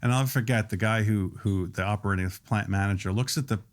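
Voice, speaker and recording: A man in his sixties speaks with a slightly low voice as a podcast guest. He explains things at length in a steady, detailed, conversational way, like a restaurant owner walking through how his business works. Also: quick pace. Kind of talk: podcast interview.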